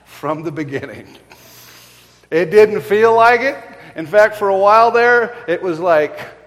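A man's voice: a little high, measured pace, long reverb tail. A man preaching a sermon, telling stories with animation and repeating points for emphasis. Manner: animated storytelling, emphatic repetition. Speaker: pastor.

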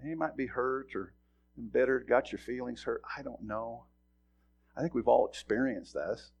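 Folksy, animated man preaching a sermon. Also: mid-range voice, normal speed, vocal fry, husky. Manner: folksy, animated storytelling with sudden loud bursts. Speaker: pastor. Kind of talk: sermon with a personal story.

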